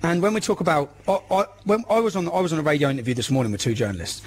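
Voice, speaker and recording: A man's voice: a little high, rapid-fire, slight background noise. A man, a guest arguing urgently in a political radio debate and often restarting his sentences.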